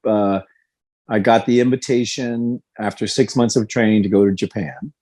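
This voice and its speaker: A man's voice: fairly low pitch, fairly even intonation, moderate pace, darkish tone. A man in his fifties, a guest in a podcast interview, telling his story candidly and animatedly, acting out quoted lines. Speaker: guest, former fighter.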